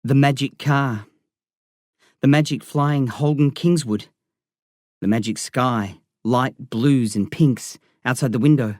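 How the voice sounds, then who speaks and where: A woman's voice: a bass voice, takes it slowly, a little mellow, no room sound, studio quality. A woman narrating a novel in the first person, with an intense, dramatic delivery. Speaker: audiobook narrator.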